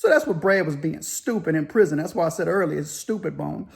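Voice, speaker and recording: A man telling a story casually, loosely and with animated sound effects. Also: on the high side, fairly quick, gravelly. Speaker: storyteller, former inmate.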